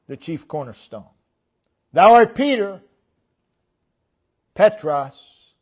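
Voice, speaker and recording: A man preaching a sermon as pastor. He speaks deliberately and stresses key words loudly, then drops his voice low at the ends of phrases. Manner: emphatic, deliberate, with sharp swings between loud stresses and quiet drops. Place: church.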